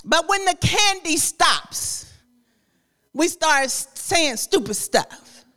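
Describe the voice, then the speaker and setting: High, bright-voiced woman preaching. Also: slow. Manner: conversational, lively preaching with repetition and frequent laughter; addresses the congregation directly. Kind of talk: sermon.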